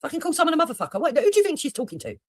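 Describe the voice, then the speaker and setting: A woman livestreamer tears into another streamer, blunt, mocking and swearing constantly. Her voice sits fairly high and swings widely as she talks quickly. The sound is dry and close. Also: very animated, no echo. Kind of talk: heated reaction commentary.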